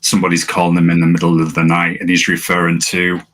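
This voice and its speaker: A man's voice: sits low, monotone, fairly quick, a bit bright. A man co-hosting a casual film-review chat, easygoing and sharing trivia. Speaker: podcast co-host.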